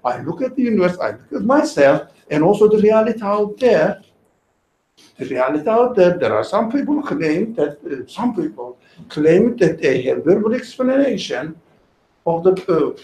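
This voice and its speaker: A man's voice: sits high, very animated, normal speed, mellow. A man teaching religious ideas in conversation, patiently reasoning aloud and giving everyday examples. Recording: echoey room with faint noise.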